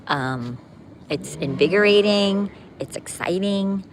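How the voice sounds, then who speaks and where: A woman's voice: medium pitch, lively intonation, slow, vocal fry, slight background noise. A woman chatting casually with viewers on a livestream while out walking her dog, upbeat and rambling with many fillers and restarts. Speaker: livestream vlogger. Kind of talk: casual live chat with viewers. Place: outdoors on a street with her dog.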